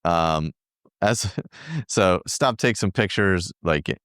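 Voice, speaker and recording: Deep-voiced man telling a rambling story. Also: animated, takes it slowly, fairly bright tone, dry recording, studio quality. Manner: rambling, filler-heavy storytelling. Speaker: podcast co-host. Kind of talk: casual chat.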